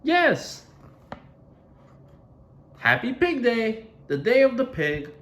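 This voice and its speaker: A man voicing an excitable, cheerful little pig in a storybook read-aloud, in a high, bright, excited voice. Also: takes it slowly, heavily acted.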